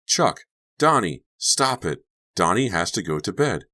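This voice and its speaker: Angry teen babysitter girl, read by a man, deep-voiced, clipped and insistent, audiobook. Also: lively intonation, normal speed. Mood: alarmed. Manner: sharp, insistent. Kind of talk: audiobook character voice.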